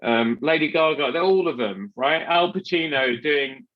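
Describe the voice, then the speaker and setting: A man's voice: fairly high pitch, measured pace, highs cut off, a little hiss or hum. Chatty man hosting a podcast. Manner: chatty, rambling with many restarts and fillers. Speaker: podcast host. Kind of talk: casual podcast chat.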